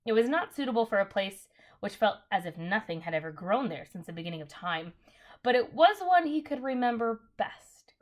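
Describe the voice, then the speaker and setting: A woman's voice: mid-range voice, big pitch swings, normal speed. A woman reading a children's novel aloud in a casual way, correcting her slips and adding apologetic asides. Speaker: reader.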